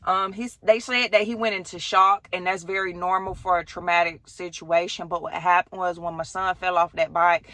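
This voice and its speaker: A woman, telling a storytime vlog in an animated way, talking straight to her viewers with slang and swearing. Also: fairly low pitch, normal speed, few pauses, dry recording. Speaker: vlogger.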